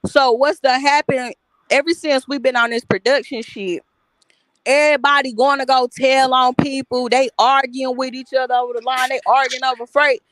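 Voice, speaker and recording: A woman's voice: sits high, level tone, moderate pace, a bit bright, no echo. A woman co-hosting a podcast, venting and telling stories in casual chat. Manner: venting, storytelling about work.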